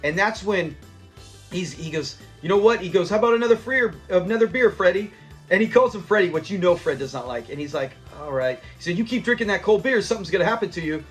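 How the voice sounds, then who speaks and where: A man with a high voice chats casually through a sitcom episode he loves, quoting the characters' lines and breaking into laughter. His delivery is animated and full of playful mimicry. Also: quick pace, soft background music. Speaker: host of a show review channel.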